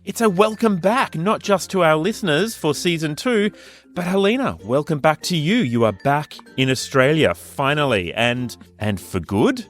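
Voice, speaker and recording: A man's voice: on the high side, expressive, normal speed, soft background music. A man co-hosting a podcast, a producer and director talking in a jokey, teasing way. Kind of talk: casual chat.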